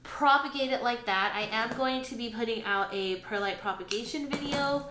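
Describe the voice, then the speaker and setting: A woman's voice: a little high, normal speed. Chatty woman, plant vlogger. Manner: chatty and expressive, talks to her plants. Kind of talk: casual vlog narration. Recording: echoey room with faint ambient noise.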